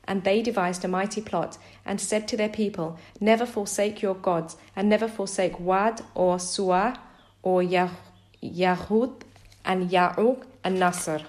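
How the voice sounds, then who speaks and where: A woman reading a scripture translation aloud in a measured, steady recitation. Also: mid-range voice, echoey room. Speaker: scripture reader.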